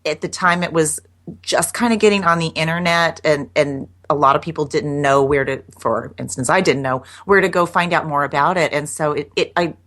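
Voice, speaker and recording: A middle-aged woman with a low, slightly bright voice speaks at normal speed as a guest in a casual interview. A copywriter, she chats loosely and self-deprecatingly, restarting frequently.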